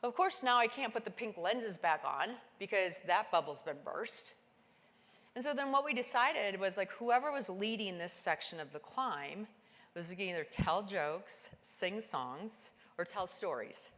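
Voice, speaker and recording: A woman giving a keynote talk, telling a climbing story and acting out the dialogue with lively, animated delivery. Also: measured pace. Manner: animated, acts out dialogue with big pitch jumps. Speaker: keynote speaker. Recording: long hall reverb.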